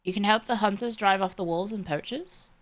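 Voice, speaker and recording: A woman's voice: medium pitch, brisk. A woman streaming a game, chatting casually in a rambling, playful way with asides to chat. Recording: game music under the voice.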